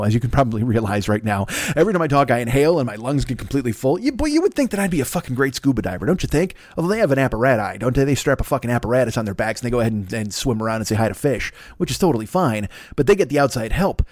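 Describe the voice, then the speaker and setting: A man's voice: mid-range voice, lively intonation, rapid-fire, few pauses, darkish tone, no room sound, clean studio sound. An older man hosting a solo podcast, rambling through crude, self-mocking riffs into a desk mic plugged into a laptop. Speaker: podcast host. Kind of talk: profane solo podcast monologue.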